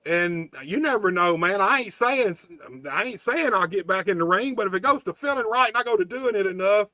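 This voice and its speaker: A man's voice: high-pitched, a little fast, pushed and bright, no room sound, clean studio sound. A man, hosting a casual wrestling podcast chat in a loose, profane, laid-back way. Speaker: podcast host.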